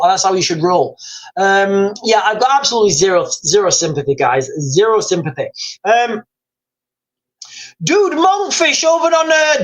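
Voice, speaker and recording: A man's voice: high voice, poor audio. A man hosting a live stream, talking in a rambling, emphatic way, reading out viewers' comments and calling them guys.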